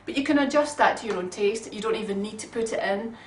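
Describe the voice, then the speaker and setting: A woman's voice: mid-range voice, fast talker, slight background noise. A woman talks through a recipe in her home kitchen, casual and homely, with plenty of ums. The sound is roomy and comes from a distant mic, with faint ambience behind her. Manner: chatty, homely, many ums. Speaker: home cook. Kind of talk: casual cooking demonstration.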